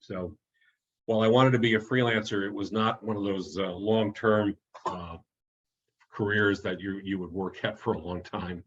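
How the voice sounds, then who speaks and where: Chatty man with a husky, muffled voice. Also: lowish voice, steady tone, moderate pace. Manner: chatty, self-interrupting, chuckles at own stories. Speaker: author giving a talk. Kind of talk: online presentation, anecdotal.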